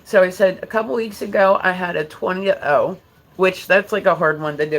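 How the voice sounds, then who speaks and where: A woman's voice: on the low side, steady tone, fairly quick, rough recording. A woman chatting casually on her livestream, frank and talkative, swearing freely as she talks to her viewers.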